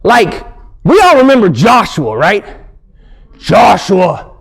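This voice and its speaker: A man's voice: high-pitched, takes it slowly, gravelly, breathy edge. A man doing a stand-up comedy set on stage, telling stories and acting out characters. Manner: animated storytelling, acts out characters. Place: stage before a live audience.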